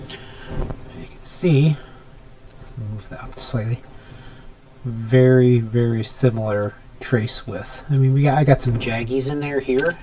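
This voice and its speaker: A man hosting a casual workbench vlog in his home workshop, thinking aloud as he works and dropping into soft muttered asides. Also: medium pitch, a little hiss or hum, low-quality recording. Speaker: electronics hobbyist host.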